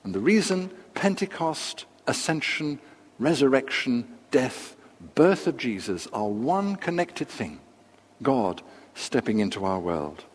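An older man preaching a sermon, measured and unhurried, with pauses and asides. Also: mid-range voice, sing-song, husky. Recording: long reverb of a large hall.

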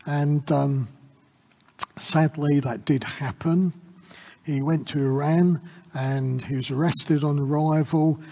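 A man giving an informal Bible reflection in an earnest, halting way. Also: fairly high pitch, steady tone, warm tone, long reverb tail.

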